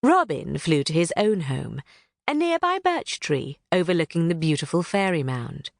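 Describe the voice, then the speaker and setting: This audiobook narrator's voice is low and gravelly as she reads a scripted children's book at normal speed with animated storytelling. The sound is clean studio audio with no echo.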